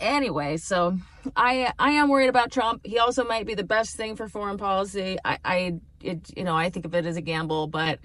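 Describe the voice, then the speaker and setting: A woman's voice: on the low side, fairly bright tone. A woman comedian talking casually to camera in a rambling, chatty way, laughing and swearing freely. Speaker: stand-up comedian.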